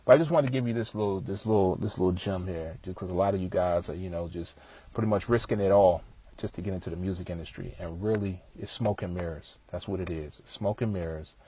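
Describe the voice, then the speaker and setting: A man talking outdoors in a relaxed, rambling way, passing on music industry advice full of fillers. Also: low-pitched, fast, breathy edge. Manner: laid-back, rambling, many fillers. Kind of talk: casual storytelling monologue. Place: outdoors, with bees around.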